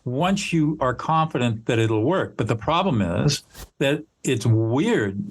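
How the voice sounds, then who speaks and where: An older man guesting in an interview, a mediator and trainer, explains his method conversationally with earnest, instructive care and acts out example dialogue. His mid-range voice is animated but measured in pace, with a breathy edge.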